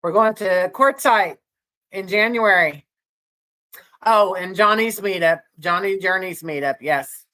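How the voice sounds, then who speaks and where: A woman's voice: medium pitch, measured pace, sharp tone. A woman co-hosting a casual livestream, chatting with viewers in a rambling way and laughing often. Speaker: livestream co-host.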